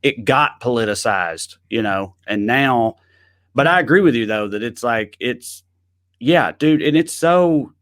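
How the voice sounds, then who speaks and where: A man's voice: mid-range voice, animated, measured pace, fairly bright tone. A man with a Southern American accent co-hosting a podcast, chatting loosely with casual swearing. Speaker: podcast co-host. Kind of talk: casual comedic chat.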